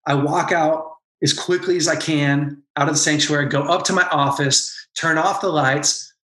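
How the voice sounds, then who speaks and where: A man's voice: a little high, fairly even intonation, normal speed, fairly bright tone, roomy sound. A man and former pastor, talking as a podcast guest and telling an emotional personal story with earnest intensity. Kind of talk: candid podcast conversation.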